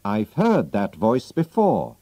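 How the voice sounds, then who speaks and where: A cool, clever male detective who speaks in a measured, deliberate way, pitched a little higher than the narration, as a male reader puts him on. Each word comes slowly, with a mellow, dark tone in a dry, close recording. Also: huge pitch swings, no echo, full character voice.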